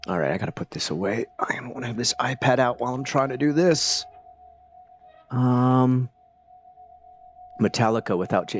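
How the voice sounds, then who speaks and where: A man's voice: mid-range voice, moderate pace, long pauses, dull audio, soft background music. A man streaming a game, chatting casually and rambling with lots of fillers and restarts. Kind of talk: casual live-stream chat while playing.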